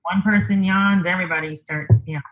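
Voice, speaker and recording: A woman guest in a conversational interview, telling a personal story in an unhurried way, thinking aloud with lots of fillers. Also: lowish voice, steady tone, muffled recording, a little hiss or hum.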